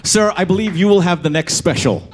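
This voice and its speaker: A man's voice: high-pitched, brisk, a little hiss or hum. A male comedian, chatting with a club crowd and breaking into sung song parodies. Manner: chatty crowd work, breaks into singing over guitar. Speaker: stand-up comedian. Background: guitar.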